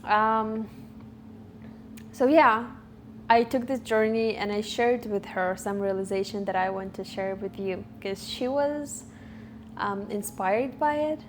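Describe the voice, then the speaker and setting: Unhurried, thoughtful young woman vlogger. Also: mid-range voice, slight background noise. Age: 20s. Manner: thoughtful, searching for words with frequent fillers. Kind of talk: reflective talk to camera. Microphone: camera recording.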